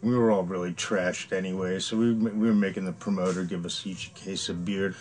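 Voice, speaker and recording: A man with a lowish voice tells road stories in a loose, rambling way. He swears freely and restarts his sentences often, and there is a chuckle never far from his words. This is casual documentary interview talk. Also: fairly even intonation, brisk, a little mellow. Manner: rambling, profane, laughs through anecdotes. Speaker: former band member interviewee.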